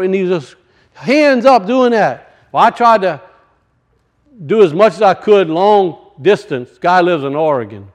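A man preaching a sermon and telling a personal story, swinging from loud bursts to hushed, quiet lines. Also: high voice, expressive, a little slow. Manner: rises loud then drops to hushed, storytelling.

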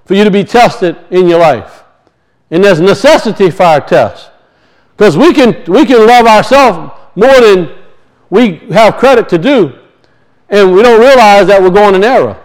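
A man's voice: high voice, poor audio. A man preaching a sermon, emphatic and repetitive, firing off rhetorical questions to his congregation.

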